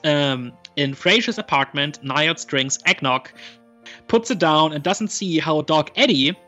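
A man's voice: fairly high pitch, a little slow, pushed and bright, muffled recording, soft background music. A man casually recapping a TV episode, hesitant, with many ums and restarts. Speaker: podcast co-host recapping an episode. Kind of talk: casual chat.

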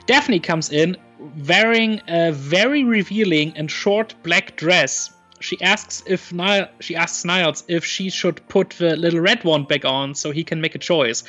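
A man's voice: on the high side, unhurried, hardly any pauses, bright, forceful tone, lo-fi sound, soft background music. Hesitant man recapping a show. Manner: hesitant, many ums and restarts, retelling scenes. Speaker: podcast co-host recapping an episode. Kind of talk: casual chat.

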